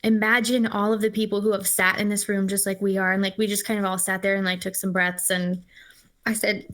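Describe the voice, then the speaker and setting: A woman's voice: medium pitch, level tone, a little fast, fairly bright tone. A woman guest musician chatting casually in an interview, telling stories with enthusiasm. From Los Angeles-based. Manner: talks with her mouth full. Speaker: singer-songwriter guest.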